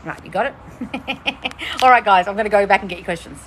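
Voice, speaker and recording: A woman's voice: lively intonation, brisk, a bit bright, a little hiss or hum. Blunt, foul-mouthed woman coach outdoors. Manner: blunt, profane, swings between shrill bursts and low mutters. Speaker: manifestation coach answering viewer questions. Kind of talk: casual livestream Q&A.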